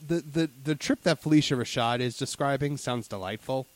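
A man's voice: mid-range voice, a little fast, dry recording. A man co-hosting a casual chat, rambling with many fillers and restarts. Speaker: podcast co-host.

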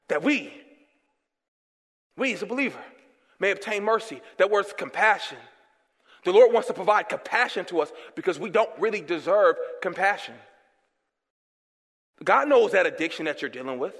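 A young man preaching a guest sermon, calling out questions for the congregation to answer and swinging between loud, fervent bursts and hushed, soft passages. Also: high voice, animated, fairly quick. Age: young adult. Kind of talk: call-and-response sermon. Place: church sanctuary. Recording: long hall reverb in a church.

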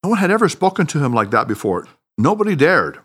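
Expressive male audiobook narrator. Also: on the high side, quick pace, breathy edge. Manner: expressive, dramatic reading. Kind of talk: scripted storytelling narration.

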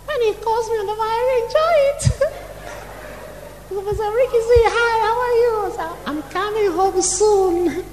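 A man's voice: very high-pitched, moderate pace, over music, pitched above the performer's own voice. A man voicing a doting married woman, rambling fussily about laying the table and her husband. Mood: gushing. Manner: rambling, fussy and giggly. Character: doting married woman, chatty and house-proud. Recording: long hall reverb, faint room noise.

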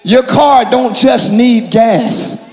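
Man, pastor, preaching loud, high-pitched, long church reverb, congregation behind. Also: drawn-out words. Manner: shouting, preaching with call-and-response to the congregation. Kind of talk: sermon. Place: large church hall with congregation. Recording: echoey church hall, live crowd.

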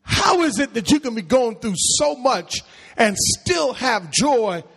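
A husky-voiced man preaching in a church, his voice pitched high and leaping widely in call-and-response. He drags out his words at an unhurried pace. A long reverb from the sanctuary trails each phrase. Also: very animated, fairly bright tone. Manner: preaching with rising calls and questions to the congregation. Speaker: pastor.

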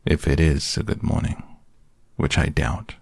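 A man's voice: extremely low pitch, unhurried, vocal fry, breathy edge, no echo, studio quality, exaggerated voice. A man voicing a gloomy, self-pitying old grey male donkey in a storybook reading.

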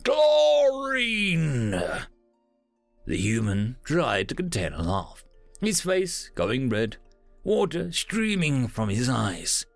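A man narrating science-fiction stories in a scripted, animated storytelling manner. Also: mid-range voice, slow, vocal fry, dry recording, soft background music.

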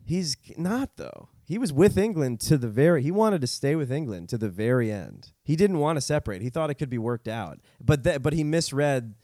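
A man's voice: mid-range voice, brisk, few pauses, no room sound, clean studio sound. A man co-hosting a podcast, chatting casually and telling history stories with jokes and laughs. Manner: joking, animated storytelling with laughs. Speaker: podcast co-host. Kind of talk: casual comedic history chat.

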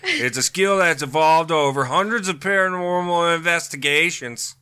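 A man voices an earnest male TV ghost hunter, solemn and self-serious. The tone is bright and sits a little high. He reads it plainly and keeps it straight. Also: normal speed, clear, resonant tone.

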